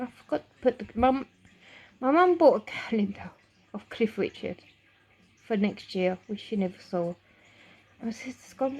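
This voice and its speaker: A woman's voice: medium pitch, darkish tone, highs cut off. A middle-aged woman telling a painful personal story to camera, emotional and rambling, with swearing and frequent restarts. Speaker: vlogger.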